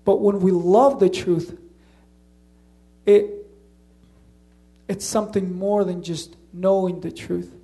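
A man's voice: high voice, steady tone, slow, long pauses, mellow. A man with a slight Slavic accent preaching a sermon in an earnest, conversational way, often restarting his phrases.

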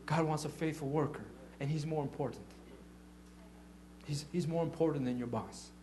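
A man giving an informal testimony sermon as a church leader, telling animated stories and acting out what people said, with frequent stammered restarts. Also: on the high side, normal speed, a little hiss or hum. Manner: animated storytelling, acting out quotes.

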